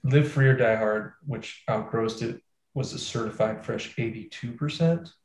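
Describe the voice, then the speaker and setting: A man hosts a casual movie-review chat, telling stories with a sarcastic edge. His medium-pitched voice sits in a roomy, echoey space. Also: normal speed. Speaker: podcast host.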